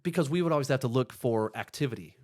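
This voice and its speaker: A man as a podcast guest, telling an animated, profane story in casual chat and acting out the dialogue. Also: mid-range voice, fast.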